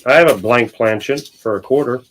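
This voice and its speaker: A man's voice: mid-range voice, fairly quick, slight background noise, low-quality recording. Blunt, joking male livestream host. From Ohio, USA. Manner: blunt, joking and crude in banter. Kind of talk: casual livestream chat while coin roll hunting.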